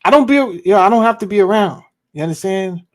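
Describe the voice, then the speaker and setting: A man hosting a podcast livestream, talking in a relaxed, casual, slangy way. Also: high voice, fast. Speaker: podcast host.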